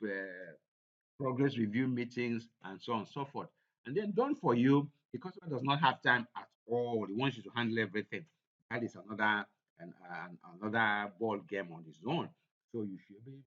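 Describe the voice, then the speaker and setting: A man's voice: mid-range voice, a bit bright, dull audio. A man presenting a slide lecture on a course topic, who repeats his points for emphasis. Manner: repetitive, emphatic, restates points.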